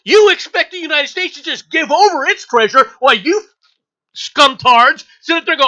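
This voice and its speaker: Ranting man with a bright, edgy voice. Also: very high-pitched, normal speed. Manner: angry ranting, profane, stammering restarts. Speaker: show host. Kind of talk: opinionated news commentary. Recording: dull lo-fi audio.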